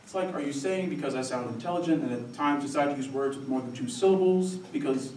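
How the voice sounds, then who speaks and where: A young man performing a wry, animated comic monologue on stage. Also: medium pitch, quick pace, a little hiss or hum. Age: young adult. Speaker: student solo performer. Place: theatre stage before a live audience. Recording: roomy stage sound from a distant mic.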